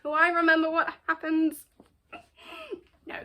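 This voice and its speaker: A young woman recapping a novel in a casual vlog, animated and exasperated, with frequent swearing and asides. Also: very high voice, unhurried, lo-fi sound. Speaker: book vlogger.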